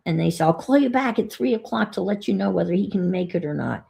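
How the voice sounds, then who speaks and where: A woman's voice: mid-range voice, lively intonation, fast, vocal fry, mellow. A woman chatting casually on her vlog, telling an exasperated story and thinking aloud as she works on a craft. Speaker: vlogger. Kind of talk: casual chat while crafting.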